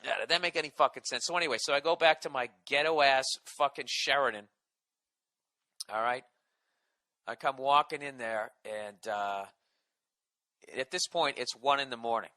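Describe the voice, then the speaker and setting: A man's voice: mid-range voice, normal speed, long pauses, bright, forceful tone, no room sound. A man hosting a comedy podcast, telling a story in a profane, sarcastic, exasperated rant.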